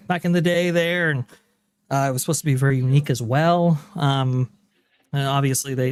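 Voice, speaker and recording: A man on a podcast panel speaking in a measured, thoughtful way. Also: medium pitch, darkish tone. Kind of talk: casual podcast chat.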